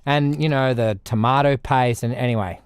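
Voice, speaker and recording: A young Australian man chatting casually on a music livestream, rambling, with loud bursts and low mutters. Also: normal speed, smooth, dry recording, studio quality. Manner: animated, rambling, swings between loud outbursts and mutters. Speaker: music streamer.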